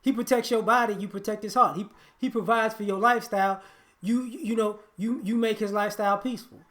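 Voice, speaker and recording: A man's voice: high-pitched, steady tone, brisk, fairly bright tone. A man giving a blunt, preachy monologue on relationships, often repeating and restarting his words. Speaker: relationship commentator.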